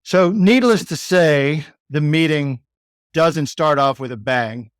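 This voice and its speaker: A man with a Texan accent tells a story as a podcast guest, his voice a touch high and smooth. He rambles casually, leaning on "like" and "you know". The recording is dry and close, with no room sound. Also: takes it slowly, no room sound. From Texas, United States. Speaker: podcast guest, sales executive.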